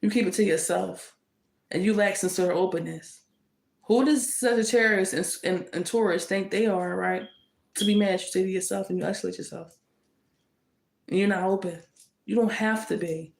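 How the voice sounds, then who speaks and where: Woman doing a tarot reading, raspy fry in her voice, firing off sassy how-dare-you questions. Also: medium pitch, moderate pace. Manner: emphatic, scolds with indignant rhetorical questions. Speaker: tarot reader. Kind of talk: casual tarot reading to camera. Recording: echoey room.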